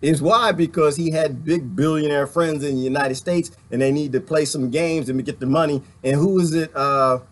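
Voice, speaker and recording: A man's voice: on the high side, normal speed, few pauses. A middle-aged man hosting casual commentary, laughing often and mocking others by putting on voices. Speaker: political commentary host. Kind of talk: casual live-stream commentary.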